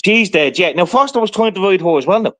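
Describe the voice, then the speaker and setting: Guy rambling and swearing on a live stream, voice sits a bit high, keeps going "right?". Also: animated, quick pace, a bit bright. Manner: rambling, profane storytelling with constant "right?". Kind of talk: casual chat.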